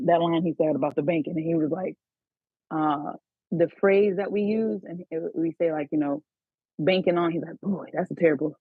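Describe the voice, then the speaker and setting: A woman's voice: low voice, slightly rough, no room sound. A woman calling in to a study call, thinking aloud with many fillers. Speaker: caller. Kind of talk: casual phone call. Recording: muffled phone line.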